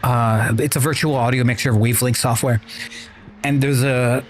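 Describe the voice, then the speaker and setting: While gaming on stream, a man keeps up a rambling, profanity-laced chat with his viewers. His mid-range voice holds a steady tone at normal speed, with slight background noise.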